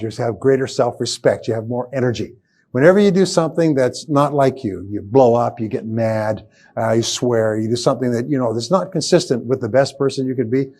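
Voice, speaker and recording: A man's voice: medium pitch, dark tone. A man giving a live seminar lecture as a motivational speaker, emphatic and repetitive as he drills key phrases home. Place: seminar room with a live audience.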